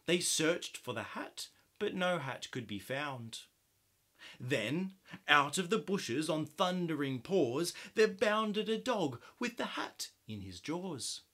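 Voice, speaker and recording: A man with an Australian accent reading a rhyming children's picture book aloud in an expressive, sing-song way. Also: a little high, slow pace. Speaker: storyteller.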